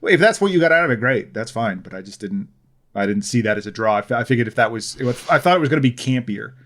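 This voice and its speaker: A man's voice: medium pitch, expressive, quick pace, fairly bright tone. A man from the American Midwest co-hosting a podcast, talking through a movie in a wry, opinionated way while thinking aloud. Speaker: podcast co-host. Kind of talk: casual film-review chat.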